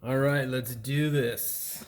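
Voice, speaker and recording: In a garage workshop, a man who's a mechanic and channel host records a hands-on car repair tutorial on a camera mic, speaking in a casual, blunt, mildly profane way. His voice is mid-range and steady, he takes it slowly, and there's slight background noise.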